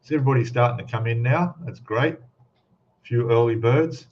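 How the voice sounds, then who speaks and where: A man's voice: medium pitch, normal speed. Chatty Australian man on a dull mic. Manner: chatty, greets viewers by name with many fillers. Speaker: host of a live stream. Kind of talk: casual live-stream chat.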